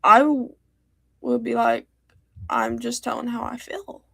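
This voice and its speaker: A woman's voice: on the high side, fairly even intonation, measured pace, creaky, a bit bright, husky, no room sound. A teenage girl streaming, talking in a hurt, rambling way with many fillers and restarts. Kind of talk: upset personal livestream talk.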